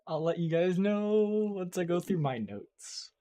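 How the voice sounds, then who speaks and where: Halting, casual game master, a man. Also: sits high, lively intonation, dark tone. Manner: halting, many fillers, casual. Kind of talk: narrating a tabletop game.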